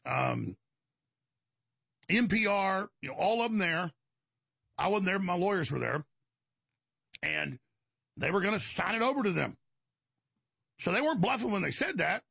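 Agitated gravelly man on a heated rant. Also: high voice, big pitch swings, normal speed, pauses often, pushed and bright, no room sound. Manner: agitated and emphatic, rambling with restarts. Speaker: show host. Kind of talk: heated monologue.

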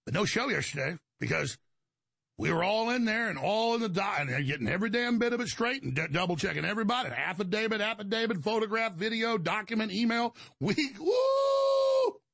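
A man's voice: sits high, animated, quick pace, gravelly, a bit bright, no room sound. A male show host in an agitated, emphatic monologue, rambling and restarting his sentences. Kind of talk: heated monologue.

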